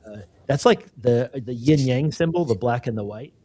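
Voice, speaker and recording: Husky-voiced man telling a reflective story. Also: medium pitch, moderate pace, dark tone. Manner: reflective, rambling storyteller with restarts and "you know". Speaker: podcast co-host. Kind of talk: casual conversational interview.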